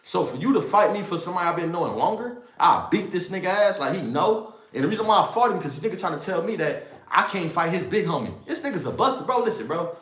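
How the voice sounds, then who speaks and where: A man tells a story on a livestream in animated street slang. His voice sits a little higher than most men's, and it swings between loud outbursts and quiet asides. The room around him is echoey. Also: fast. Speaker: livestream host telling a story.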